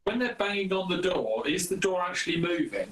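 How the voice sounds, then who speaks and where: A man playing a tabletop role-playing game who reasons through the situation deliberately. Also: high voice, big pitch swings, a bit bright, low-quality recording. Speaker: player. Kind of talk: tabletop role-play chat.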